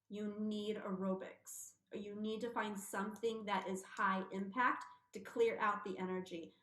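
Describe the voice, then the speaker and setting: A woman, a guest on a radio talk show, telling her story with lively acted-out quotes. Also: medium pitch, reverberant. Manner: animated storyteller, acting out quotes. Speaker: guest, intuitive medium. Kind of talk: casual radio interview.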